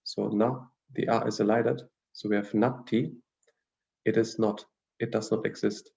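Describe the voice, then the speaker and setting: A man teaching a language class, reading through grammar notes in a measured, explanatory way with frequent fillers and restarts. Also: lowish voice, level tone, creaky, darkish tone, lo-fi sound.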